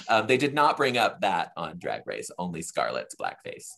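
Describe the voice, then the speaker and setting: Lively low-voiced chatty male host. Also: unhurried, creaky. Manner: giggly, chatty, leads the segments. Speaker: podcast host. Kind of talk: casual chat.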